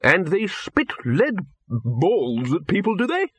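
A man's voice: high voice, wildly swooping pitch, takes it slowly, breathy edge, no room sound, voice pushed up, heavily acted. A man voicing a bluff, red-faced head wizard who blusters, in an audiobook reading. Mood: blustering.

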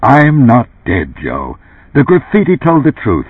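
A man reading an audiobook, voicing a heated, indignant middle-aged boss who pleads in loud, raised bursts. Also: mid-range voice, huge pitch swings, unhurried, breathy edge, dry recording, pitched above the performer's own voice, full character voice. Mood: insistent. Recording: dry, tinny phone-like sound.

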